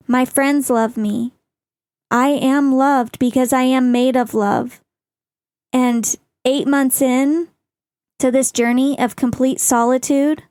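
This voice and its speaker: A middle-aged woman hosting a podcast, speaking slowly and earnestly in a reflective personal monologue. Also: a little high, a little mellow, dry recording, studio quality. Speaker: podcast host.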